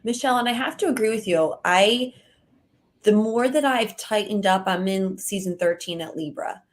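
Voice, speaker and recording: A woman's voice: mid-range voice, normal speed. Woman co-host, studio owner, casual talker who chimes in supportively. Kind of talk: casual chat.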